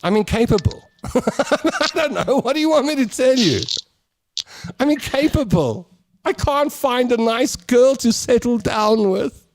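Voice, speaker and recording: A man's voice: very high-pitched, big pitch swings, measured pace, no echo. A man hosting a radio show, chatting in studio banter and whining theatrically for laughs.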